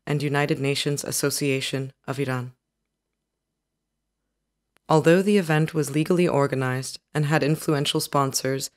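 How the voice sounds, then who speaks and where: A man narrating a documentary in a measured, scripted reading. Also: on the high side.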